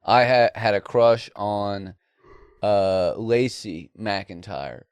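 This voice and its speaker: Lower-voiced young man with jokey banter. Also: clean tone, no echo. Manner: jokey, quick interjections and crude asides. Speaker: podcast co-host. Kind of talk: casual banter.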